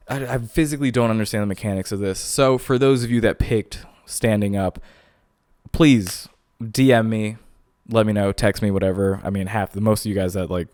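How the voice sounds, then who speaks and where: A young man hosting a podcast, talking casually in animated, incredulous, jokey rants to his listeners. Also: fairly low pitch, no room sound, studio quality. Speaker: podcast host.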